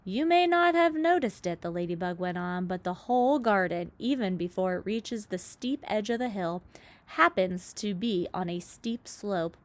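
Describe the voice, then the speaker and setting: Motherly storybook ladybug, gentle and reassuring, lively pitch, read by a woman. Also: moderate pace, lightly acted. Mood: kindly. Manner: warm, reassuring.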